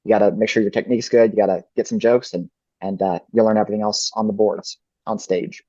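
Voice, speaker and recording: Male ventriloquist guest, lowish voice, thoughtful, in a dry, muffled recording. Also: steady tone, fast, dark tone, no room sound. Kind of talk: casual interview answers.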